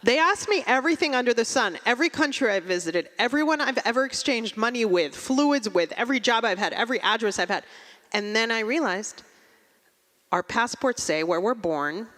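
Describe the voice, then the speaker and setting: A woman from Russia performing a stand-up comedy set, with a dry, deadpan, self-mocking delivery. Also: on the high side, a little fast, big-room sound.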